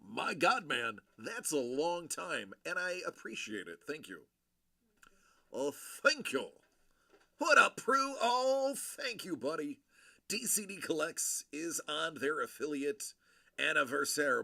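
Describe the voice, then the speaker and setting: A man hosting a livestream, greeting viewers by name and rambling through his thoughts with plenty of fillers. His voice is bright and slightly high, with a lively, bouncing pitch at an unhurried pace. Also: creaky. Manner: rambling and friendly, with many fillers and shout-outs. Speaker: livestream host. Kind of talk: casual chat with viewers.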